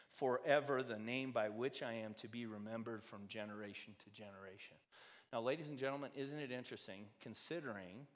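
A man preaches to his congregation in an easy, conversational way and keeps throwing rhetorical questions at them. His voice swings between quiet asides and louder emphasis at a middle pitch. A long reverb from a church sanctuary trails after his words. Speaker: pastor. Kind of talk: sermon.

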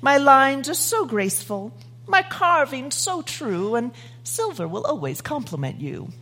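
A woman voicing a flattering silver urn in a rhyming poem, raising her voice high and sweet. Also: unhurried, heavily acted. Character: graceful tall silver urn, eager to please.

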